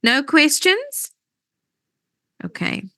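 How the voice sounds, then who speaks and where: A woman's voice: sits high, huge pitch swings, extremely slow, fairly bright tone, dry recording. A woman teaching English grammar in an online lesson, explaining patiently step by step and often checking that students follow.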